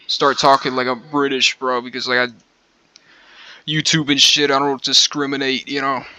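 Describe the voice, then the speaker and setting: Hoarse, bright-voiced rambling streamer man. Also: mid-range voice, level tone, moderate pace. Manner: rambling, profane, slangy, calls listener bro. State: hoarse from smoking. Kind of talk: casual stream chat.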